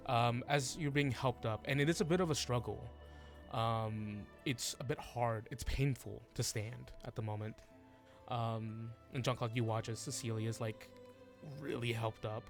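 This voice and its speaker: A man narrating as game master, halting with many fillers and restarts. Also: mid-range voice, fairly even intonation, gravelly, soft background music.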